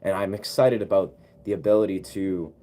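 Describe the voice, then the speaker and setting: A man's voice: low voice, fairly even intonation, a little fast, mellow. A man chatting casually on a live stream as a musician, laid-back and rambling with slangy asides. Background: keyboard music he plays.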